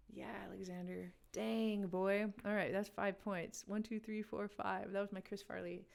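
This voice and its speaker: A woman's voice: mid-range voice, level tone, normal speed, gravelly, few pauses. A woman hosting a live music quiz game, chatting casually with viewers and laughing often. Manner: chatty, laughing, talks to chat. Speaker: livestream game host. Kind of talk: casual livestream chat.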